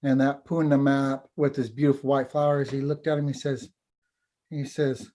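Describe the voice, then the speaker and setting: A man, a teacher and storyteller, telling a folk tale over a video call in an unhurried, halting way. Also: mid-range voice, flat delivery, warm tone. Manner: unhurried, halting, repeats words. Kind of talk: oral storytelling.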